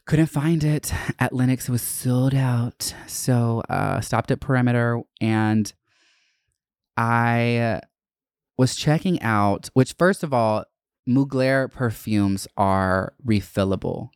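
A young adult host tells a story from their week in a loose, profanity-laced monologue and slips into higher voices for the people they quote. The voice is smooth and clear, recorded close on a dry mic with no room sound. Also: darkish tone, dry recording. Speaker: podcast host.

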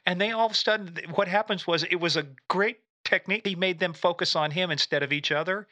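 A fast-talking man with a bright, forceful voice and a slightly high pitch hosts a casual chat. He spins joking war stories and swears freely. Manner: joking storyteller, salty language. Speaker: podcast host, former state trooper.

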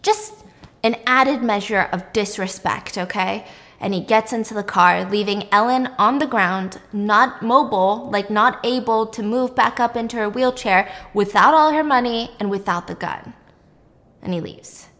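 A young woman recapping a show in a casual, animated, chatty way, acting out the drama as she goes. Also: medium pitch, a little slow. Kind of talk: casual chat. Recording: long reverb.

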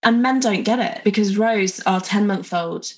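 A woman hosts a podcast in an easy conversational tone. Her voice sits at a middle pitch, and she sounds curious and musing as she talks. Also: moderate pace. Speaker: podcast host. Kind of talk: casual interview conversation.

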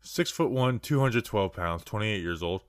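A man's voice: on the low side, moderate pace. A young man co-hosting a casual sports talk show, rambling through stats with lots of restarts. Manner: rambling, restarts often, energetic about stats. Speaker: podcast co-host.

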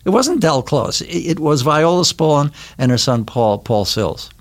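A man's voice: a little high, sing-song, moderate pace. Older man telling rambling anecdotes. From Milwaukee, Wisconsin. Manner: rambling anecdotal storytelling with many restarts. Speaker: guest, actor. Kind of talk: casual interview chat. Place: recording studio.

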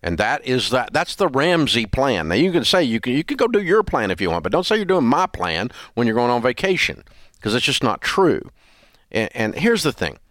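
A man's voice: medium pitch, very animated, normal speed, a bit bright, dry recording, studio quality. An older man hosting a radio advice show, blunt and scolding in an emphatic, repetitive way. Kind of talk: call-in advice show banter.

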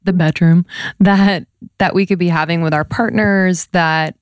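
A woman co-hosts a relaxed podcast, her fairly low voice recorded dry and close. She asks thoughtful, hesitant questions and often restarts her sentences. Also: measured pace, dry recording. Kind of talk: casual podcast chat.

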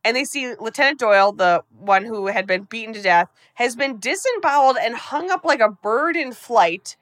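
Bright-voiced woman rapidly recapping a film. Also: on the high side, lively intonation, no room sound. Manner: rapid, profane, breathless storytelling. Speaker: podcast host.

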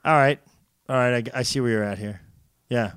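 A man's voice: medium pitch, a little fast, a bit bright, clean tone, no room sound. Teasing guy rambling thru a podcast chat, dry close mic. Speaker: podcast co-host. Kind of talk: casual chat.

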